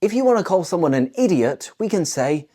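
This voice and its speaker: A British woman teaching English slang at an easy, unhurried pace. Her voice sits low and mellow. She explains each word playfully, with a lively rise and fall as she models the phrases. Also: breathy edge. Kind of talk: scripted language lesson to camera.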